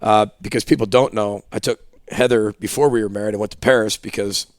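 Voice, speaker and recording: A man's voice: on the low side, fast, no echo, clean studio sound. A man, a football coach, telling a story in a casual podcast interview and acting out dialogue. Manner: animated storyteller, acts out dialogue. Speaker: head football coach, guest. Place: podcast studio.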